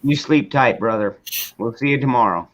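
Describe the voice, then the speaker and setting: A man hosts a laid-back late-night livestream chat, swearing freely and greeting viewers in the chat. His voice is medium-pitched and moderately paced, and the audio is dull.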